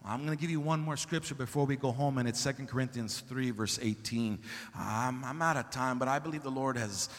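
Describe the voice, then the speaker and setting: A male pastor preaching a sermon, moving from quiet talk to loud, fervent exhortation and dropping in Spanish phrases. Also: mid-range voice, a little fast, long reverb tail. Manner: slips Spanish phrases into English.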